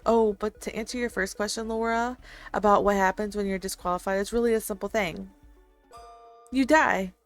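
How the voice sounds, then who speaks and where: A woman's voice: mid-range voice, fairly even intonation, moderate pace, soft background music, lightly acted. A woman voicing a smug, playful goddess who hosts a deadly game, with a teasing, cocky manner. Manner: teasing, cocky, sing-song.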